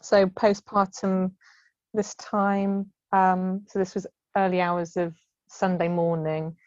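A woman's voice: lowish voice, level tone, slow, a little mellow, no echo. A woman in her thirties chats from home over a remote call, laughing often and acting out the voices of others. The sound is dry and close, with a slightly dull, muffled call quality. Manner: chatty, laughs often, acts out quoted voices. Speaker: podcast guest. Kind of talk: casual storytelling.

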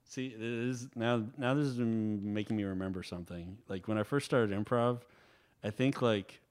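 A man with a Pittsburgh accent hosts a relaxed podcast conversation. He rambles through fillers and "like"s, laughs easily, and slips into quick acted-out bits of past conversations. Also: fairly low pitch. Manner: rambling, laughs often, acts out remembered conversations. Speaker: podcast host. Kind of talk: casual chat.

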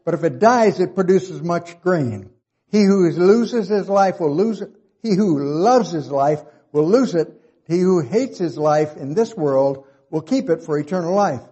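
A man's voice: a little high, animated, unhurried, mellow, breathy edge, lo-fi sound. A man preaching a Bible-teaching sermon, reading verses aloud and repeating key points for emphasis.

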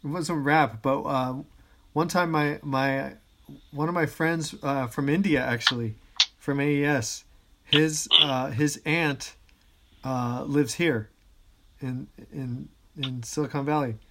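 A man with a slightly high voice hosts a relaxed podcast chat. He laughs easily and tells rambling anecdotes full of restarts. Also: takes it slowly, a little hiss or hum. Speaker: podcast host.

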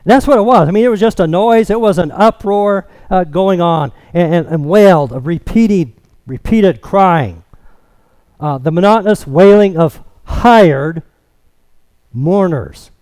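A man with a notably high voice preaching a sermon, taking his time over each phrase and leaning on key words. The sound is close and dry, with no room around it. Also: animated, a little mellow, no room sound. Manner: slow, emphatic expository preaching.

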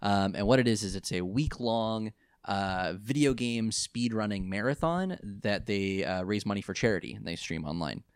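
A young man hosts a relaxed podcast, talking in a chatty, easygoing way. His voice sits a little low and comes through smooth and clear. The close mic leaves the sound dry. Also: moderate pace, dry recording. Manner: chatty, laughs often, fake British voice in the intro. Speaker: podcast co-host. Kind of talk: casual podcast chat.

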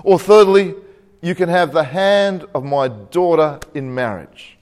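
A man's voice: fairly high pitch, unhurried, a little mellow, natural voice. A man playing a boastful, rich male Texan rancher in a joke within his sermon, in a showy, bargaining manner.

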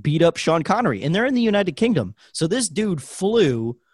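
A man's voice: sits high, very animated, moderate pace, slightly rough, dry recording, studio quality. A man co-hosting a podcast, telling a story in casual chat, swearing freely and laughing often. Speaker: podcast co-host.

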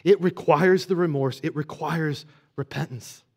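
His voice is notably high and slightly rough, and this male pastor delivers his sermon a little slowly and conversationally. He moves from quiet, intimate asides to emphatic peaks, tossing out rhetorical questions to check in.

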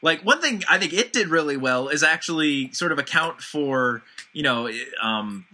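A man co-hosting a casual film review podcast, analytical, with a husky voice and lots of fillers. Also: on the high side, animated, normal speed, noisy background. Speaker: podcast co-host. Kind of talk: casual movie review chat.

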